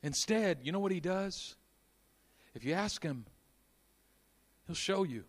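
A man preaching a sermon, moving between quiet intimate passages and loud, fervent stretches. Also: high voice, animated, takes it slowly. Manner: dynamic, swings from hushed to shouting.

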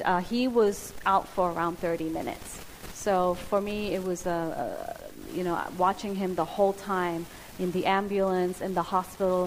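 Woman preaching in a reverberant hall. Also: medium pitch. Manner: earnest, with pauses and restarts. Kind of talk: sermon. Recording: hissy hall with long reverb.

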